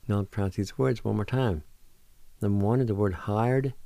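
A man hosting a radio language lesson who patiently spells words out letter by letter and sounds out each syllable, gently encouraging learners not to give up. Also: on the low side, fairly even intonation, a little fast, gravelly, no echo. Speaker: radio host teaching language.

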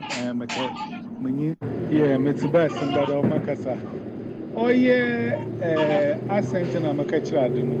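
A man with a Ghanaian accent in casual chat, rambling and switching between Twi and English. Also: on the high side. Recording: dull lo-fi outdoor recording with loud noise.

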